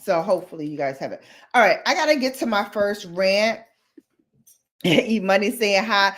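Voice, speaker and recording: A woman hosting a casual live stream, chatting with viewers and ranting in an animated, slangy way with lots of laughter. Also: mid-range voice, measured pace. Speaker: livestream host. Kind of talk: casual live chat and rant.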